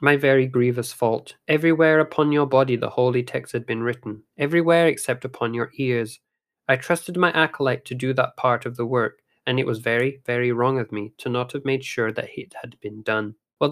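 Man reads as a grave older priest giving earnest instructions; steady, caring storybook voice. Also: medium pitch, lightly acted.

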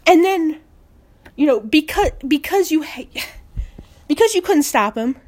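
Woman fan, furious sports rant, high voice that leaps around, heavy swearing. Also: lively intonation, a little slow, darkish tone. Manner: swears heavily, exasperated, repeats words. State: upset. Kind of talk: angry post-game rant.

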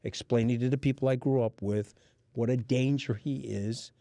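Guesting on a casual podcast, a middle-aged man with a New York accent tells profane stories in a blunt style. His mellow, medium-pitched voice moves at normal speed with fairly even intonation and no echo.

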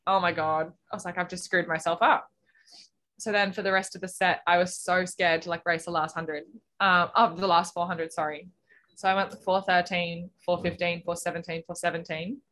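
Young female athlete, casual, animated storyteller, laughs easily. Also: on the low side. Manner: animated storyteller, acts out quotes, laughs often. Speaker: guest swimmer. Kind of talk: casual interview chat.

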